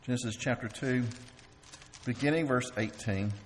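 A man preaching a sermon as pastor, halting and repeating words while he asks the congregation questions. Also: mid-range voice, a little hiss or hum. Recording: long reverb of a large hall.

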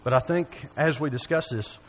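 A man's voice: mid-range voice, moderate pace, slight background noise, poor audio. Folksy man telling a sermon story. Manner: folksy storytelling, asks the audience questions. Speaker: preacher.

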